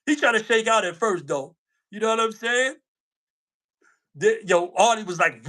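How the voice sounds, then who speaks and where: A man's voice: high-pitched, expressive, moderate pace, long pauses, pushed and bright. A man co-hosting a casual livestream chat, slangy, repeating himself and laughing often. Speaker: co-host.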